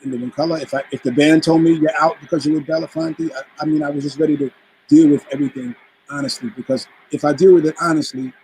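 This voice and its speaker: He talks fast in a fairly high voice, and the rough recording has slight background noise. A Bronx, New York native and guest musician, he spins a lively anecdote in a casual interview, voicing the people he quotes.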